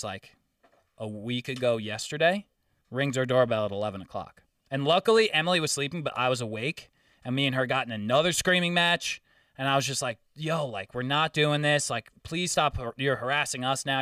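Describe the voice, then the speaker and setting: A man's voice: mid-range voice, smooth, no room sound, clean studio sound, far from the mic. A man telling a story in casual chat, swearing freely and acting out the quotes. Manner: profane, animated storytelling with acted-out quotes.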